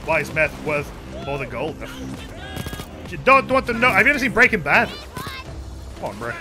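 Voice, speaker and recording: A young man chatting casually while streaming a game, goofy and excitable, breaking into sudden yells. His voice is high and swings widely in pitch. Game music plays clearly underneath. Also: normal speed. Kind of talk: casual gaming commentary. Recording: game music playing behind.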